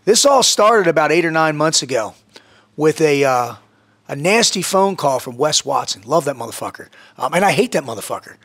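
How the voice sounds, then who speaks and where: A man's voice: on the high side, normal speed. Intense, profane man telling stories. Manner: intense, profane, animated storytelling. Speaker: podcast guest. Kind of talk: casual chat.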